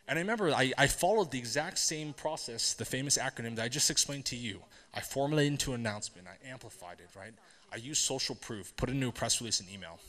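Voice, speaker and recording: A man with a mid-range voice tells stories from the stage of a tech event. He talks to the audience conversationally, asks them questions and checks in with a quick "right?". The sound carries a long hall reverb. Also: medium pitch, a bit bright. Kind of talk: storytelling conference talk.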